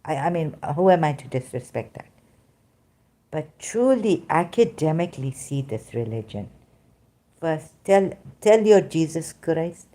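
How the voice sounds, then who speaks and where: A woman with a non-native English accent talks in an unscripted monologue to her viewers. She rambles and presses hard on her points. Her voice is mellow, slightly low and very slow. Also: lively intonation. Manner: emphatic, rambling, addresses listeners directly. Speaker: vlogger.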